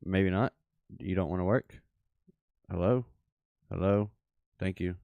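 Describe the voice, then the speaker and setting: A man with a Memphis Southern accent giving casual live commentary over trading charts, rambling and thinking aloud with excited asides. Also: low voice, unhurried, gravelly, dry recording, phone-quality sound. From Memphis, Tennessee. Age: adult father. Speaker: crypto streamer.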